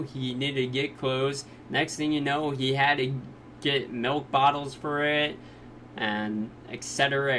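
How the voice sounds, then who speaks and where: A man recapping anime episodes in casual, jokey talk, sometimes quickly acting out the characters' lines. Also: medium pitch, fairly bright tone, a little hiss or hum. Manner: jokey retelling, quick quoted voices of characters. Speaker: anime reviewer.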